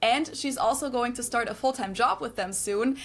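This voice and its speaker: A woman presenting an explainer that walks through pronunciations clearly. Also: a little high. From Germany. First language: German. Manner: clear, instructive, slowly models pronunciations. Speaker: video presenter. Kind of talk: explainer narration.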